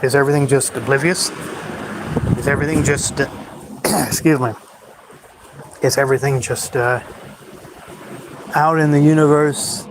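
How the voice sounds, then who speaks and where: A man's voice: medium pitch, fairly even intonation, moderate pace, pauses often, noisy background. A man hosting a solo livestream, rambling in a brooding, bitter way about life. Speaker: livestream host.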